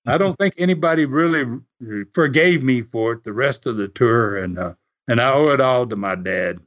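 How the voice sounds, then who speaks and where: A man telling road stories in a casual, animated way, laughing often and restarting his sentences. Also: medium pitch, normal speed, lo-fi sound. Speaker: podcast host telling wrestling stories. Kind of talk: casual storytelling.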